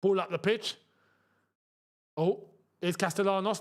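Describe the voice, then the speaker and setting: A young man hosting a live football watchalong, reacting to the match with chatty asides and excited outbursts. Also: high voice, moderate pace, pauses often. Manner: excitable, shouts and laughs at chances, chatty asides.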